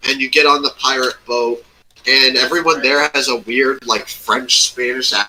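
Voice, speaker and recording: A man's voice: mid-range voice, fairly even intonation, normal speed, pushed and bright, poor audio. A man in casual chat, rambling through an old tabletop game story and swearing often. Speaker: former game master recounting a campaign.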